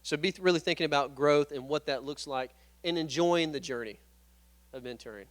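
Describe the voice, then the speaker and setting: A man speaking at a training workshop in a relaxed, reflective way. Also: a little high, fairly quick. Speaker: workshop presenter.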